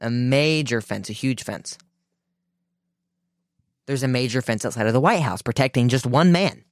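Male radio host, indignant political monologue; smooth, resonant voice, dry close-miked sound. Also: mid-range voice, no room sound. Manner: indignant, emphatic, with restarts.

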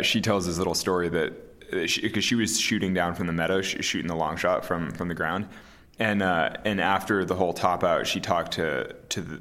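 A man in his thirties, an interview guest talking casually and calmly, with many fillers and restarts. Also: sits low. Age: 30s. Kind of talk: casual conversation.

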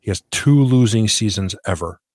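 A man with a low voice speaking on a sports podcast. He makes his case by citing numbers and records. The recording is dry and close. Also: lively intonation, normal speed, darkish tone, dry recording. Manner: argues with statistics. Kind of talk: casual sports podcast chat.

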